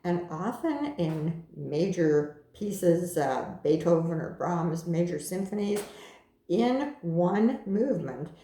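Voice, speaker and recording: A woman's voice: on the low side, expressive, takes it slowly, dark tone, roomy sound. A woman teaching violin, explaining the music patiently and calling out cues as she plays. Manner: patient, calls out cues while playing. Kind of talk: music lesson instruction.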